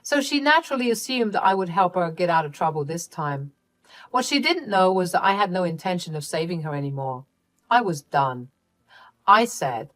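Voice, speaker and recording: A woman narrating a first-person family story in an even, matter-of-fact way. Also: lowish voice, normal speed.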